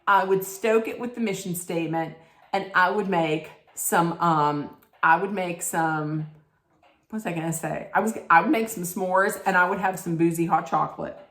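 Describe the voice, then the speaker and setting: A woman's voice: lowish voice, moderate pace, a bit bright, echoey room. A woman giving a snarky, blunt recap straight to her viewers, emphatic and sarcastic. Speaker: reality TV recap vlogger.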